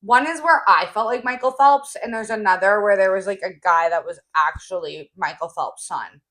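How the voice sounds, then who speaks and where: A young woman co-hosts a casual podcast chat, telling stories in a bubbly, giggly way while wired on an energy drink. Her medium-pitched voice has a fairly bright tone and a moderate pace.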